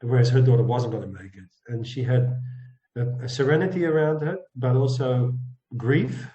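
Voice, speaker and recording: Earnest man telling a story over a roomy, dull line. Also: medium pitch. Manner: earnest, halting, often drops to a soft, hushed tone. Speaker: guest, empathy coach. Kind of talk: reflective personal storytelling.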